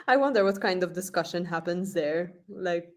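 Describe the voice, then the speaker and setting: Lower-voiced woman, casual podcast co-host. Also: moderate pace. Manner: laughs often, short agreeing replies. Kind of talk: casual review chat.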